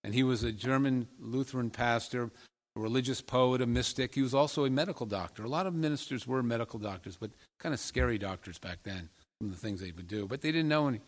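A man's voice: mid-range voice, fast talker. A male pastor gives a sermon from a church sanctuary, and his voice rings with a long echo through the big room. He talks in a loose, conversational way and keeps checking in with his listeners with friendly questions. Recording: long reverb of a large hall.

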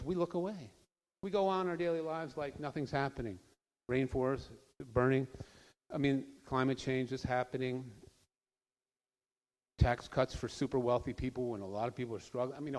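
A man's voice: mid-range voice, darkish tone. A man giving an informal, earnest talk to an audience, conversational and sometimes emphatic. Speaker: speaker addressing an audience. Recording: long hall reverb.

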